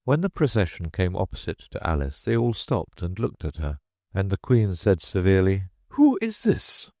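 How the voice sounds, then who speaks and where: A man narrating an audiobook in a measured, expressive reading style. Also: low-pitched, no echo, studio quality. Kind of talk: scripted storybook narration.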